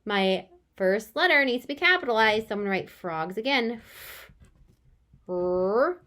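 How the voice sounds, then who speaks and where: A young woman teacher giving a remote lesson to young children, sounding out words and reacting with big, animated surprise. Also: a little high, a little fast.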